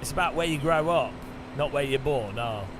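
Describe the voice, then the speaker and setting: A man's voice: medium pitch, lively intonation, moderate pace, noisy background. A man chatting casually about sim racing as he plays, rambling with chuckles and restarts. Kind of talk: casual gaming chat.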